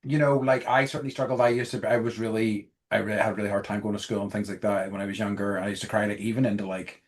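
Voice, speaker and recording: A man's voice: on the low side, little pitch movement, quick pace. A man hosting a podcast, opening the show and chatting in an easygoing, supportive way. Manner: easygoing and supportive, with short encouraging replies. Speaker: podcast host. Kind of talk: casual chat.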